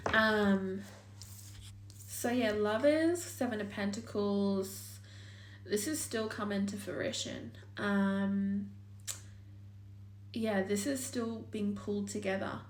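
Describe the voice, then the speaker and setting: A woman's voice: mid-range voice, fairly even intonation, takes it slowly, long pauses, far from the mic. Chatty young woman reading tarot. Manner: chatty and thinking aloud, swears, full of likes and ums. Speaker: tarot reader. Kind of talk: casual tarot reading monologue. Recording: echoey room.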